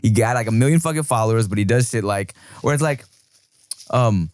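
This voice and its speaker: A man's voice: mid-range voice, expressive, fairly quick, darkish tone. A man co-hosting a casual podcast, joking crudely and laughing often. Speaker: podcast co-host. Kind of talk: casual chat.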